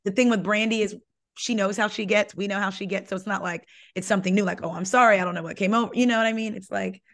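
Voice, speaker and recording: A young woman hosting a casual gossip podcast, animated and emphatic, with lots of "like" in her speech. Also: medium pitch, fast. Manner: animated, emphatic, says "like" a lot. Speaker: podcast host. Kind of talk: casual pop-culture gossip chat.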